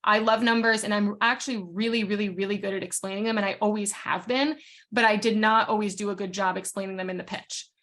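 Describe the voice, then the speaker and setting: A woman's voice: medium pitch, steady tone, fairly bright tone. Frank woman coaching real estate agents. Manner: frank, talks fast with many fillers and restarts. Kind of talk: casual training session.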